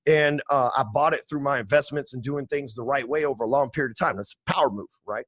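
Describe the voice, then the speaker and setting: A man's voice: mid-range voice, a little fast, fairly bright tone, no echo. A man in his forties, a podcast guest telling stories in a brash, profane, streetwise way. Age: 40s. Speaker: podcast guest, sales trainer. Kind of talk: casual storytelling interview.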